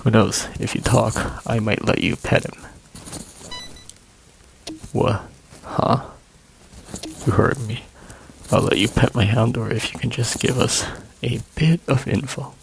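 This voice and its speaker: A man's voice: mid-range voice, fairly even intonation, unhurried, gravelly, pauses often, slight background noise, low-quality recording. A man voicing a menacing male gang thug who bullies a witness in a tough-guy swagger. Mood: mock friendly. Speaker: game character voiced by player.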